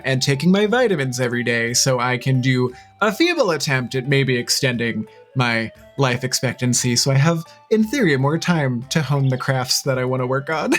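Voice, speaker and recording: Chatty, expressive game streamer. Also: mid-range voice. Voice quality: chatty, expressive, with gasps and laughs. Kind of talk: live-stream chat and reading game dialogue aloud. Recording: faint game music underneath.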